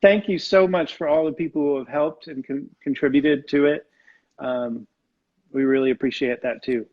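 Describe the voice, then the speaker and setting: A man's voice: on the high side, fairly even intonation, moderate pace. Man on a dull lo-fi video call. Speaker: head baker. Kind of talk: casual live-stream chat.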